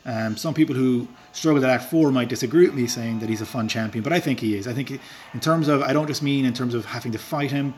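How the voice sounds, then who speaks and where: Playing a game on a live stream, a man from Ireland with a rural Irish accent chats casually in a mid-range, slightly mellow voice at a quick pace. He rambles, leans on filler words, and chuckles at his own expense.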